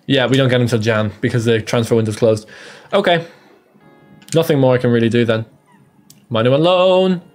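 A man's voice: mid-range voice, a little fast, pauses often. Irish man, young adult, live game commentary, jokey, self-mocking, faint music and typing behind. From Ireland. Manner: chatty, jokey and self-deprecating. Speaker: streamer. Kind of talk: casual live gaming commentary.

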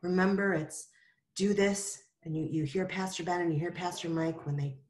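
Gentle, lower-voiced Sunday school teacher. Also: female voice, normal speed. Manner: gentle, asks children questions. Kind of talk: Bible story lesson for children.

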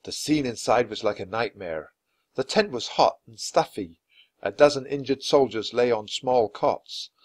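A man reading a children's chapter book aloud at a clear, natural pace for language learners. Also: mid-range voice, animated, measured pace. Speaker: storyteller.

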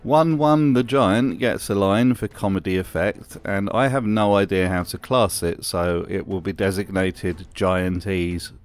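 A man's voice: sits low, measured pace, few pauses. A man narrating a wry commentary voice-over in a dry, sardonic manner. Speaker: video narrator.

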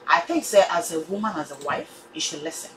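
A woman's voice: deep voice, very animated, brisk, a little hiss or hum, low-quality recording. A woman with a Ghanaian accent giving her opinion in a casual chat, lecturing in a mix of pidgin-tinged English and Twi.

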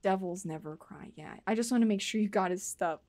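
A woman's voice: medium pitch, a little fast, a little mellow. A woman streamer giving casual gameplay commentary with dramatic mock grief, playful and swearing.

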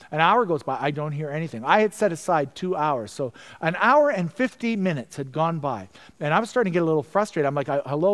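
A middle-aged man preaching a sermon as pastor, telling a story with stammered repeats and dropping to a hushed voice for prayers. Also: a little high.

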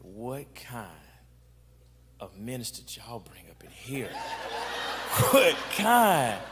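A man's voice: mid-range voice, slight background noise. A man preaching a casual, joking sermon on dating to a congregation, asking them questions. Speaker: guest preacher. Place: church sanctuary. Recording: long hall reverb.

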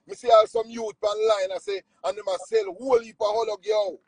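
A Jamaican man, a nutritionist, telling spiritual stories in a casual, preachy, animated way. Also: brisk, creaky, few pauses, breathy edge, no echo, low-quality recording. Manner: animated, preachy, swings pitch widely.

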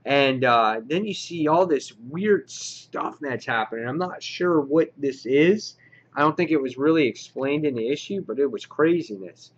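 A man's voice: mid-range voice, fairly bright tone. Guy gushing about a comic issue, rambles a lot with uhs, medium voice, kinda muffled recording. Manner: enthusiastic, rambling, many filler words. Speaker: comic book reviewer. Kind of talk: casual review walkthrough.

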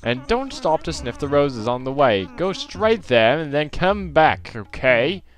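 A man's voice: fairly high pitch, very animated, unhurried, faint music behind, pitched above the performer's own voice. Tom Nook, a man's hammy British shopkeeper. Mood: bossy. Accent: poor put-on British accent. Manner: bossy and theatrical. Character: bossy male raccoon shopkeeper.

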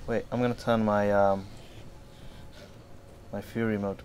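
A man casually commenting on his gameplay, swearing and excitedly talking back to the characters on screen. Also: lowish voice, measured pace, noisy background. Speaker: gamer playing through a game. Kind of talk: casual let's-play commentary.

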